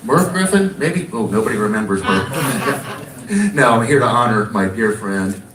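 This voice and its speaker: A man's voice: lowish voice, lively intonation, moderate pace, a crowd in the background. A man presenting an award at a ceremony, joking and getting teary as he praises a friend. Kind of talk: ceremony introduction speech. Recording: echoey hall, distant mic, noise.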